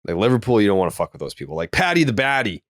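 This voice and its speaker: Racing along with big pitch swings in a lowish voice, a Boston-area man with a faint local accent co-hosts a podcast. The recording is dry and studio quality. He chats casually, telling loose, rambling stories, swearing freely and restarting often with many "likes."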